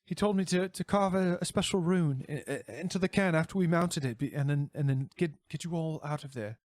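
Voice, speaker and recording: Man playing a frightened male warrior, high pitched, loud, stammering, frantic. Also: a little fast, no room sound, natural voice. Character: panicked, stammering male warrior caught in a lie.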